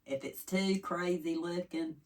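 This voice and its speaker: Slightly slow and steady in tone, her fairly low voice carries a Southern East Tennessee accent. As a vlogger she chats casually and folksily with viewers, rambling off track, and she's recorded a little away from the mic.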